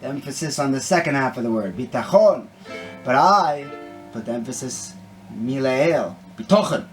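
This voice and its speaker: A man's voice: mid-range voice, normal speed. A man giving a short, conversational Torah talk and story, peppered with Hebrew and Yiddish terms. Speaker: Torah teacher and singer. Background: guitar music.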